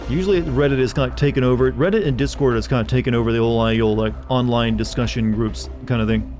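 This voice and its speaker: A man streaming a video game who chats with his viewers in a quick, rambling, self-deprecating way. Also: medium pitch, fairly even intonation, a little mellow, faint music behind. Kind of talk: casual live-stream commentary.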